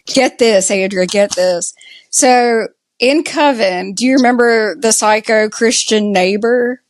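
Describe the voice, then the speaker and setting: A woman with a Southern US accent talks slowly and loosely, stringing her thoughts together with "like" as she recaps a show. The recording is dry and close, with no room sound. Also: fairly high pitch, no room sound. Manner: slow, chatty, lots of "like" fillers. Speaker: podcast co-host. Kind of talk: casual TV recap chat.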